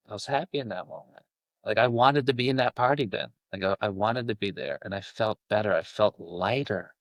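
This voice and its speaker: A man, a guest coach, telling a deeply personal story, halting and full of restarts and fillers. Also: expressive, dry recording. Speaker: self-love coach, guest.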